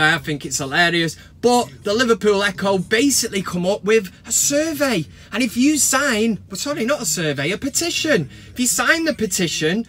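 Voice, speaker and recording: High bright-voiced English man ranting. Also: slight background noise. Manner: animated, sarcastic, swears freely. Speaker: football vlog host. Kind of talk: casual fan vlog rant. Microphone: talking into a camera.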